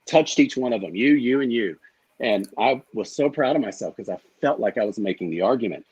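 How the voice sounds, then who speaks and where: Middle-aged guy, kinda husky, spilling an emotional story in an interview, swears a lot. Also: medium pitch, animated, fairly quick, darkish tone, low-quality recording. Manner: candid, profane, acts out quoted exchanges. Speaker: guest.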